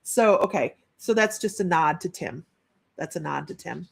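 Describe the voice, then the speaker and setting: A woman psychic medium giving a live-streamed reading in a husky, gravelly voice. She talks casually, relaying what she senses and often restarting mid-sentence. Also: on the low side, lively intonation, normal speed. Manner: chatty, relays messages with frequent restarts.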